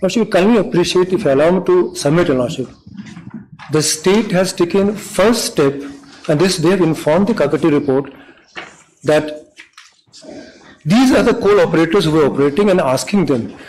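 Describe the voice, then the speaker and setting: A man, a government lawyer making halting, deferential submissions in court. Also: a little high, expressive, darkish tone, slight background noise, rough recording. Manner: deferential, halting, repeats "Lordship". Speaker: government counsel.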